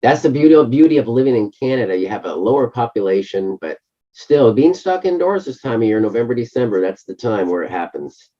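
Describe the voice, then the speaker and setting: A hoarse middle-aged man co-hosting a casual chat, halting often with fillers. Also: medium pitch, lively intonation, warm tone. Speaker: co-host. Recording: muffled lo-fi audio.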